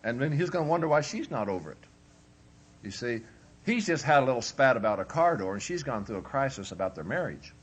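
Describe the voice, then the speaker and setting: Speaking in a sing-song, mid-range voice with a breathy edge, a man leads a folksy marriage workshop as a preacher, fairly quick and conversational. He keeps it humorous by playing both spouses.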